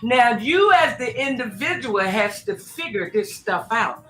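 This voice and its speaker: Soft music plays behind a woman whose fairly high voice is expressive, a bit bright and measured in pace. As a spiritual advisor from Tacoma, Washington on a radio show, she gets emphatic and exclamatory, calling the host "girl" and "honey" in casual, preachy talk. The room is echoey with faint noise.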